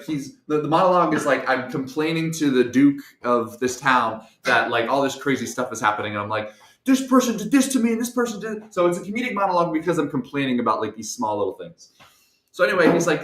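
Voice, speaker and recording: A young man telling a personal story on a talk show. He acts out the other voices and swings from soft to shouting. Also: medium pitch, lively intonation, fast talker. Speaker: guest storyteller. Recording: echoey room.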